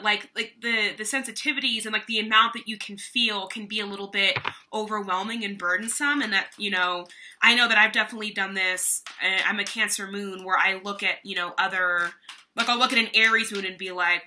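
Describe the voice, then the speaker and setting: A woman's voice: mid-range voice, pushed and bright, slight background noise. A young woman doing a casual, chatty tarot reading, talking in a meandering way with lots of fillers. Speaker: tarot reader.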